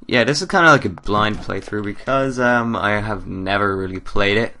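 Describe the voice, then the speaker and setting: A man's voice: fairly low pitch, normal speed, hardly any pauses, pushed and bright. A man casually commenting on a horror game he plays, rambling with lots of ums and giggles, into a desk microphone. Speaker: let's play gamer. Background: faint game music.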